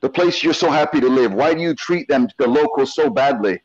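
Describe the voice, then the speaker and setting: Husky man taunting and repeating himself. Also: mid-range voice, lively intonation, fairly quick, darkish tone, dull audio. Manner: taunting, repeats questions over and over. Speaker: livestreamer confronting a guest. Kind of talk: heated live stream argument.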